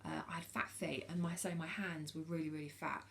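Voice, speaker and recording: A British woman in her forties speaks frankly to camera in a low, gravelly voice. She hesitates often, filling gaps with ums and restarting her sentences as she talks. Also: level tone, a little fast, a little hiss or hum. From United Kingdom. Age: 40s. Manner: frank and earnest. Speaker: vlogger. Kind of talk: casual talk to camera.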